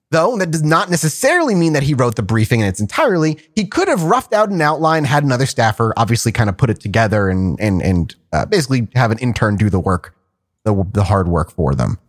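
A man talking on a casual podcast recorded over a video call, his voice a bit higher than most men's and swinging widely in pitch. He rambles as he presents his research, stacking fillers and restarting his sentences. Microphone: remote call over a video chat app.

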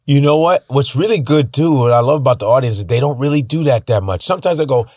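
A man's voice: mid-range voice, fast talker, a little mellow, no echo, clean studio sound. A man talking in a loose, profane casual chat, breaking into voices and accents now and then. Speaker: stand-up comedian guest.

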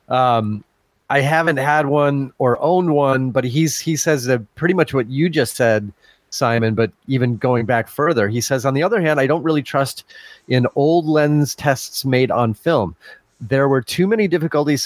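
A man's voice: medium pitch, normal speed, dry recording. A man co-hosting a casual podcast, chatting and laughing as he reads listener comments aloud. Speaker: podcast co-host.

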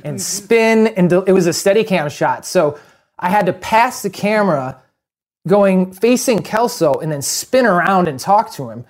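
A man's voice: sits high, lively intonation, normal speed. Rambling male podcast guest. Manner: rambling, self-correcting storyteller. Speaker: guest, former stand-in. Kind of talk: casual podcast chat.

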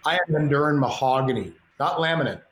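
A middle-aged man telling a story as a podcast guest, animated and self-mocking, acting out the dialogue. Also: a little high, quick pace, slight background noise. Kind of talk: storytelling in casual chat. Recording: roomy echo, faint ambience.

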